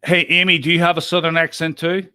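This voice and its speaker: A man's voice: fairly high pitch, flat delivery, quick pace, pushed and bright, clean tone, no echo, studio quality. A man hosting a podcast, chatting casually with guests, self-interrupting and laughing often. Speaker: podcast host. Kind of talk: casual group chat.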